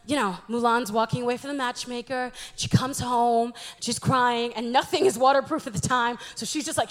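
Her voice is very high-pitched with a fairly bright tone. This young woman, a youth speaker, delivers a funny church talk full of chatty, self-deprecating stories about her own life.

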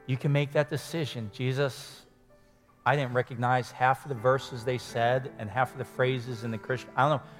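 A man preaching an earnest sermon as pastor, building to emphatic points and dropping to hushed prayer, at times choked up. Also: medium pitch, level tone, normal speed, soft background music. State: choked up with emotion.

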